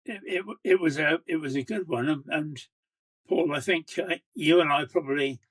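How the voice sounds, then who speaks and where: Man, podcast host, fairly high voice, friendly, stumbling restarts. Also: moderate pace, a bit bright, husky. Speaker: podcast host and event interviewer. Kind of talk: stage interview, then casual chat.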